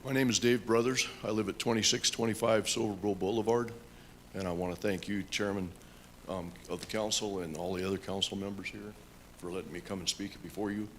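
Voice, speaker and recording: Deep-voiced man giving public comment. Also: steady tone, a bit bright, a little hiss or hum. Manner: halting, with many fillers and restarts. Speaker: public commenter, union carpenter instructor. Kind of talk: public comment at a council meeting.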